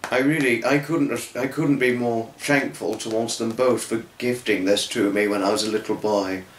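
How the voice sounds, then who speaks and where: A tearful young man recording a personal vlog, earnest and rambling, with many restarts. His voice sits at an ordinary middle pitch. It echoes around a roomy space, and a faint hum of ambience runs underneath. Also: steady tone, normal speed. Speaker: fan vlogger.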